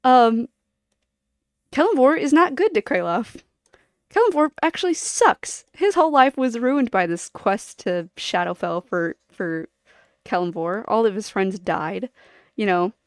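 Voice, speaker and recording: A woman's voice: on the high side, animated, measured pace, no room sound, studio quality. A woman streamer chatting casually to her viewers, rambling and giggling as she jumps from one topic to the next.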